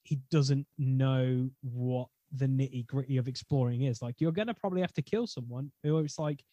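Excitable man, dry close sound. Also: medium pitch, dry recording. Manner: excitable, laughing, fast bursts. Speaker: podcast co-host, tabletop player. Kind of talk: casual podcast chat.

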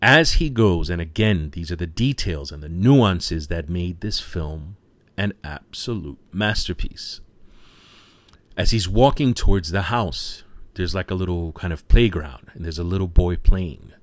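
Deep-voiced man enthusing over a film. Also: expressive, unhurried, dry recording. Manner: enthusiastic, retells scenes with quoted lines; frequent fillers like "you know". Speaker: film reviewer. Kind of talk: casual spoken movie review.

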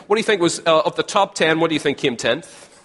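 A man's voice: a little high, lively intonation, quick pace, fairly bright tone. A man with a Northern Irish accent preaching a sermon to a live audience, chatty and joking, often repeating his phrases. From Northern Ireland. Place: large hall with a live audience. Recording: long hall reverb.

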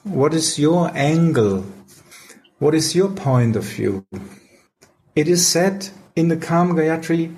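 Man, measured devotional discussion leader, unhurried explanatory delivery. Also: fairly high pitch, animated, a little mellow.

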